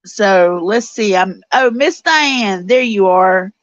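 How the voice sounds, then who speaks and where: A woman in her forties with a drawl hosts a casual live stream, reading viewers' messages and talking to them directly. She gets easily emotional and tearful, and her voice is mid-pitched. The sound is dry and a bit dull, like a lo-fi home setup. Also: lively intonation, takes it slowly, no echo. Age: 40s. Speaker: show host reading live chat.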